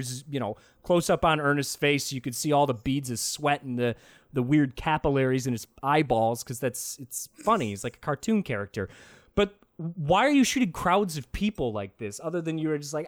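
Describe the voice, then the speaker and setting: A man in casual film-review chat who talks in an animated way, swears freely and laughs often. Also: on the high side, brisk, dry recording, clean studio sound.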